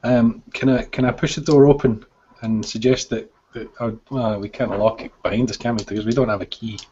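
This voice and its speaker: A man's voice: mid-range voice, steady tone, a little fast, dark tone, highs cut off, slight background noise. A man playing in a tabletop game over a headset, chatting in an easygoing way. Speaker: player. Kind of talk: casual tabletop game chat.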